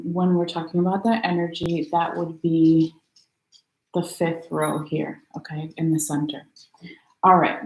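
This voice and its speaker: A woman's voice: on the low side, a little mellow. Chatty tired woman reading tarot, roomy. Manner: chatty, laughs often, corrects her own slips. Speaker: tarot reader. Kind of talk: casual live tarot reading.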